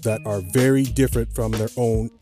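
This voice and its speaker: Talking solo on his podcast, a man rambles casually, filling his speech with fillers and restarts. His medium-pitched voice stays level and brisk, with music playing underneath.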